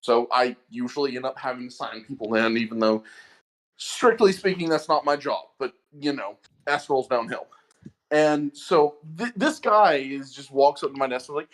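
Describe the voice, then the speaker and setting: A man's voice: medium pitch, moderate pace. A man casually telling a long story about his day at work, stammering now and then as he co-hosts a podcast. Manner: animated storytelling, stammers at starts. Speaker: podcast co-host.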